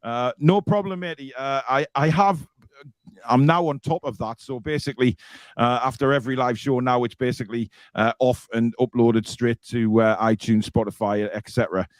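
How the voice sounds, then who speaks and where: A man's voice: mid-range voice, steady tone, moderate pace, no echo. A man hosting a casual live fan show, reading out viewer comments and teasing his co-hosts. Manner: teasing, jokey, reads comments aloud.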